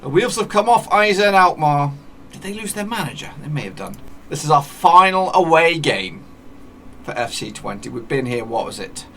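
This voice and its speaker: Very animated and sharp in tone, a high-voiced gaming YouTuber talks at normal speed while playing a football management game, commentating on matches casually and correcting himself often. A faint hiss or hum runs through the clip.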